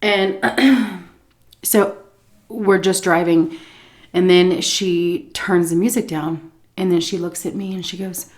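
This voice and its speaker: Animated, swearing woman telling a story. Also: lowish voice, slow pace. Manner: animated, profane, clears throat often. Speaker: vlogger. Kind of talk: storytime eating vlog.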